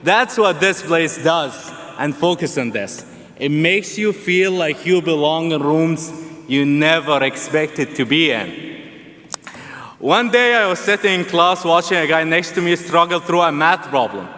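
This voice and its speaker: A man's voice: on the high side, expressive, measured pace, bright, forceful tone. A young man from Egypt with an Egyptian Arabic accent, giving a humorous, earnest commencement speech in a large arena. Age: young adult. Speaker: student commencement speaker. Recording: long arena reverb.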